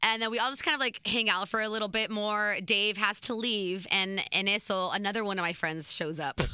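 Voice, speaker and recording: Woman, 20s, chatty storytime voice, crisp and dry. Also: mid-range voice, fairly quick, dry recording. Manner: chatty, animated, laughs between beats. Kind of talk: casual storytime.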